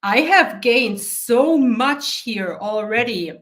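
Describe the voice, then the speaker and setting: A woman's voice: a little high, animated, slow, fairly bright tone. A woman coach hosting her own channel, talking casually to camera in a blunt, profane, often laughing way. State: teary eyes from allergy. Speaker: mindset coach and channel host.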